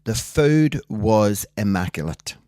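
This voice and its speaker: A Northern Irish man co-hosting a casual chat podcast, telling lively stories and acting out the voices of people he quotes. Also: lowish voice, slow pace, dry recording, studio quality. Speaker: podcast co-host.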